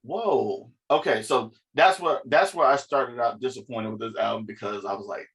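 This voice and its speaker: A man's voice: mid-range voice, moderate pace. A man co-hosting a podcast in casual chat, telling stories with lots of laughter. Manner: laughs often, animated storytelling. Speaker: podcast co-host.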